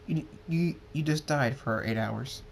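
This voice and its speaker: A man's voice: a little high, a little slow, gravelly, slight background noise, voice pushed up. A man voicing a nervous male pony doctor who rambles and stumbles over his words in a fan story reading. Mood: worried.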